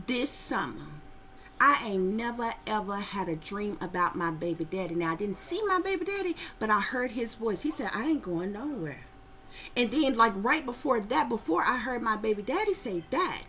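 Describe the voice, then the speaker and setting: Profane, animated middle-aged woman. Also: on the high side. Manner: profane, animated, keeps calling out to the audience. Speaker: psychic reader. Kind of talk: casual storytelling to viewers.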